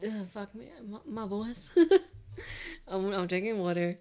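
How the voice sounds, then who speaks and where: A woman's voice: mid-range voice, lively intonation, slow pace, warm tone. Giggly woman streamer. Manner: giggly, self-mocking. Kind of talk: casual gaming commentary.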